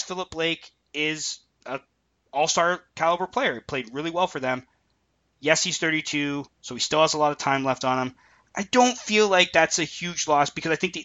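A man co-hosting a sports podcast, giving opinionated, animated takes in casual chat over dull lo-fi audio. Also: a little high. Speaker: podcast co-host.

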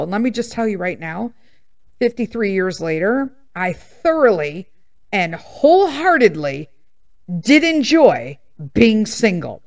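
A woman's voice: mid-range voice, sing-song, measured pace. A woman in her fifties hosting a podcast, telling personal stories in a blunt, sassy, emphatic way and laughing at herself. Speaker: podcast host. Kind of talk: casual storytelling monologue.

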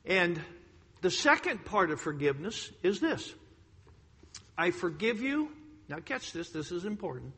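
Male preacher, bright and forceful tone, a bit husky, dramatic sermon delivery with big swings in loudness. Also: on the high side. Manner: emphatic storytelling, swings between loud outbursts and hushed lines. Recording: long hall reverb.

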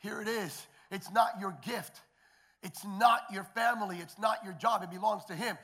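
A middle-aged male pastor preaching a sermon, moving between quiet, conversational storytelling with restarts and loud, shouted declarations. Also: sits high, fairly even intonation, moderate pace. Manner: repeats words and restarts, conversational asides.

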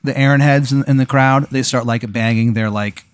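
Man, improvised storytelling, rambling, crude, lots of fillers, mid pitch, dry close mic. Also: steady tone, moderate pace, clean tone, no echo. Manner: rambling, profane, lots of fillers and silly voices. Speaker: podcast host posing a hypothetical.

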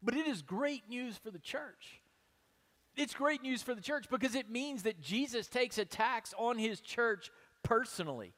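Male pastor preaching, pretty high voice, lots of rhetorical questions, goes quiet then loud, long church echo. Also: expressive, a little slow. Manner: emphatic preaching, many rhetorical questions, shifts between soft and loud. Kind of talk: sermon.

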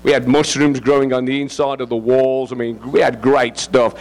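A man's voice: medium pitch, level tone, moderate pace. A middle-aged English man, a visiting missionary preacher giving an informal sermon, joking and rambling as he goes. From England. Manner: joking, rambling, laughs often.

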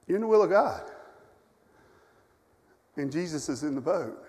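A middle-aged man preaching a sermon, telling personal stories with feeling, rising loud and then dropping to a hush. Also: high voice, animated, moderate pace, long pauses. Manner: emotional storytelling, swings from loud to hushed. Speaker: camp director preaching. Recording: long hall reverb.

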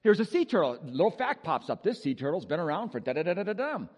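Animated joking male pastor. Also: fairly high pitch, fast talker, slightly rough, in a large hall, muffled recording. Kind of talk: sermon.

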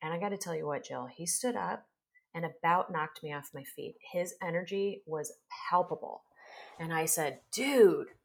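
A woman in her forties, a podcast guest telling a story with lively energy and acting out what others said. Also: low-pitched, normal speed, creaky. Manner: animated storyteller, acts out quoted speech. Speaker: guest, healer and trauma specialist.

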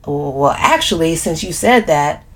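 A brash, profane woman who talks bluntly and laughs easily, as a female audiobook narrator reads her. The voice sits a bit low, and she comes across like a tough old college friend. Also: lively intonation, a little slow. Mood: hesitant. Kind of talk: audiobook character reading.

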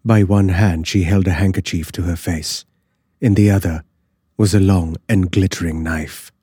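Deep husky guy reading an old horror story, slow and dark, dry sound. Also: fairly even intonation, no echo. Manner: slow, measured and dramatic. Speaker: narrator.

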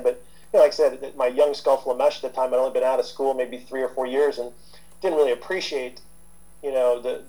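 A man's voice: medium pitch, warm tone, rough recording. A man in his fifties, a therapist being interviewed, talking casually with lots of fillers and restarts. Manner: rambling, with many fillers and restarts. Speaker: guest therapist.

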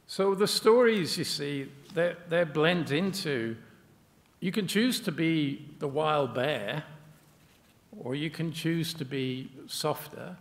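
A man telling a Buddhist teaching story in a relaxed, conversational way, often pausing on fillers. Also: a little high, big-room sound. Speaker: meditation center member discussing a Buddhist book. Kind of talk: casual spoken explanation.

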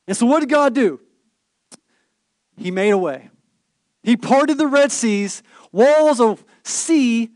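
A man's voice: sits high, a little mellow, dry recording, clean studio sound. A pastor in his thirties preaching a sermon, telling stories with rhetorical questions and playful asides.

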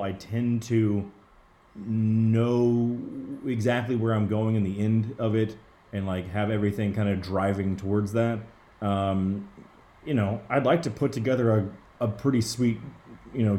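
A man speaking as a comic book writer guest in a casual interview, excitable and profane, with lots of restarts. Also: on the low side. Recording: roomy echo.

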